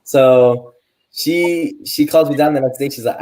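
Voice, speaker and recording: Young male co-host, teens, mid-pitched, animated storyteller. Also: measured pace. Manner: animated, acts out quoted adults in his story. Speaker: podcast co-host. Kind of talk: casual storytelling.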